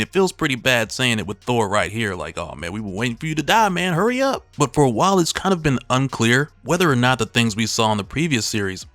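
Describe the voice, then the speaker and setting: A man with a fairly low voice talks through a comic book story in a relaxed, conversational way. He recaps the plot like he's chatting with fans. The recording is dry and close, with no room sound. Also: no echo. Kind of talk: casual comic recap narration.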